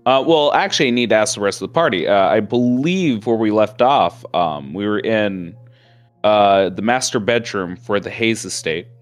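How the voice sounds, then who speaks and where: A man with a lowish voice narrating a tabletop game as game master. He wanders through his lines with plenty of fillers and corrects himself as he goes. Soft music plays underneath. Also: lively intonation, moderate pace. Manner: rambling with fillers and self-corrections.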